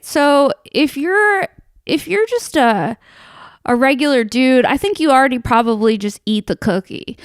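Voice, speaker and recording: A brash young woman comedian hosting her own show, talking in a playful, profane monologue. Her voice sits fairly high and comes through smooth and clear on a dry, close mic. She drops into hushed asides and then bursts out loud. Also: no room sound.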